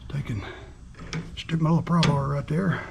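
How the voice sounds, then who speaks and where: A man's voice: on the high side, moderate pace, gravelly, background noise. A man hosting a repair channel, talking in a folksy way to himself and the viewer while he works, a little out of breath. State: slightly out of breath. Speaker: mower repair channel host. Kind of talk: hands-on repair demonstration.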